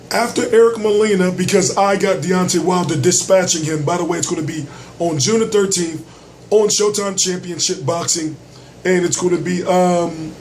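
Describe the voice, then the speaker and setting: Man, high pitched, hoarse and straining, lost voice, slangy, rambling vlog commentary. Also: a little mellow, slight background noise, rough recording. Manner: loose, slangy and repetitive. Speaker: boxing news vlogger.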